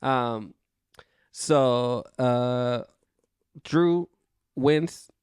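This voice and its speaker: A man's voice: mid-range voice, very slow, darkish tone, smooth, no echo, studio quality. A man co-hosting a casual wrestling podcast, laid-back, swearing freely and laughing often. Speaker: podcast co-host.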